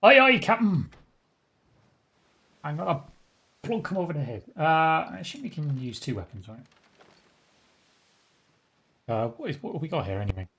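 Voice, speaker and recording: A man's voice: on the high side, lively intonation, fairly quick, pauses often, husky. A man giving casual live commentary on a game he is playing. He is wry and mutters to himself, with the odd swear word. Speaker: streamer.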